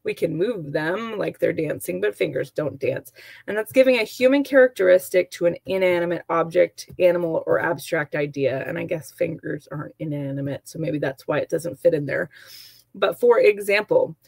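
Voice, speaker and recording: A woman's voice: fairly low pitch, moderate pace, gravelly, a little mellow, breathy edge, no room sound. A woman teacher giving an online lesson, chatty and explaining with examples and asides.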